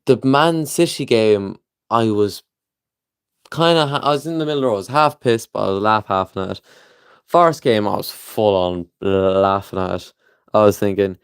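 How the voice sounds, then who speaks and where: A man's voice: fairly low pitch, normal speed, smooth. A young man with a Liverpool accent, ranting bluntly to camera as a football fan vlogger, swearing freely and sounding frustrated. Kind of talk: opinionated casual rant to camera.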